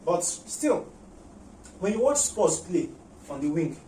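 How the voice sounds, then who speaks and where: A man giving a tactical football match preview, talking in an animated way, repeating words and using many "you know" fillers. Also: high-pitched, takes it slowly, a little hiss or hum. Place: room at home. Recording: roomy echo, mic at a distance.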